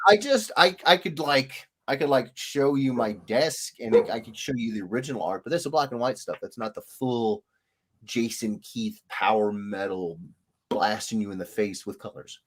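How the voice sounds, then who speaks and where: A man with a mid-range voice speaks at a moderate pace while hosting a casual livestream. He's an illustrator who animatedly reads viewer comments aloud, greeting people in a sing-song way.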